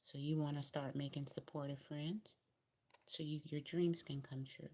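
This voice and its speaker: Low-voiced Southern woman reading tarot. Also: steady tone, normal speed, mellow. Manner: chatty, repetitive, encouraging, with colloquial grammar. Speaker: tarot reader. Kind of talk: casual tarot card reading.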